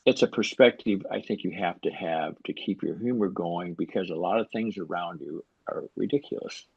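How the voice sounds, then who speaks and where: A man's voice: deep voice, normal speed, gravelly, breathy edge, dry recording, lo-fi sound. A man in his sixties, a writer guest talking casually in an interview, with dry, wry humor. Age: 60s. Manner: dry, wry, self-deprecating storyteller. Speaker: author guest.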